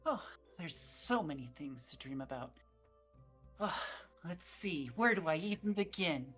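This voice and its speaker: A woman voicing a curious, excitable girl of about twelve in a tabletop game, chirpy and full of questions. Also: sits low, a little slow, faint music behind. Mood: chatty. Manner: chirpy, questioning, turns eerie.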